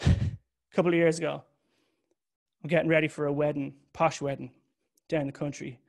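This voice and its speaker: A man's voice: fairly high pitch, flat delivery, normal speed, gravelly, darkish tone. Candid man giving a talk. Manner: candid and confessional, swears casually. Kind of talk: personal talk to an audience.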